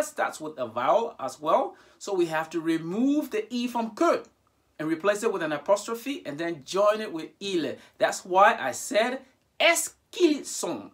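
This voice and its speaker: Lively man teaching French grammar. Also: a little high. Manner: repeats each example aloud, speaking questions with a sharply rising voice. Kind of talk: bilingual grammar lesson.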